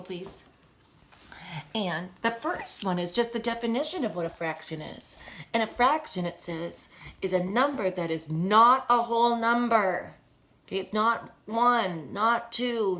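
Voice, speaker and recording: A young woman teaching a lively lesson to the camera. Her voice jumps up and down as she teases and laughs between explanations. The delivery is playful and informal. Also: medium pitch. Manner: animated, laughs often, teasing. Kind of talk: playful classroom lesson video.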